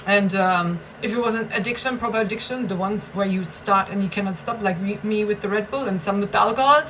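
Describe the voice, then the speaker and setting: A woman's voice: medium pitch, fast, a bit bright, slight background noise, low-quality recording. A woman venting in a personal vlog, bitter and emphatic, swearing and repeating herself for stress. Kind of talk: agitated personal vlog rant.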